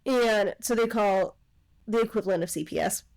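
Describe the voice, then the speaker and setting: A woman co-hosting a podcast, casually retelling a film's plot with lots of "like" fillers and quick asides. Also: medium pitch, a little mellow, low-quality recording. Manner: rambling retelling of a film plot, many "like" fillers. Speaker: podcast co-host. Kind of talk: casual chat.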